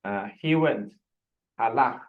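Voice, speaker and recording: A man's voice: medium pitch, takes it slowly, narrow, tinny audio. A man teaching a Hebrew lesson over a video call, explaining patiently with frequent restarts and fillers. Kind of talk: online language lesson.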